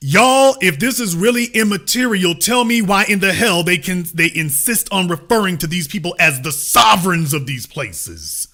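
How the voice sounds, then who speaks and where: A man's voice: sits high, animated, normal speed, few pauses, bright, forceful tone. A middle-aged man hosting a political commentary show, talking in an emphatic, sarcastic preaching cadence.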